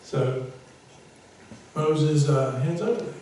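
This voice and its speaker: Male pastor, chatty sermon delivery with self-mocking humor; slightly high pitch, distant mic in a reverberant church. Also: slow, slight background noise. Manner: conversational, self-deprecating humor, rises to loud emphasis. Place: church sanctuary.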